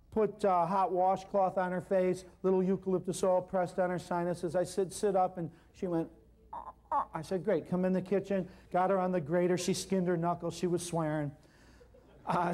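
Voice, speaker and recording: A man giving an animated seminar talk, telling a story and addressing the audience directly. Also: high voice. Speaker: natural healing speaker.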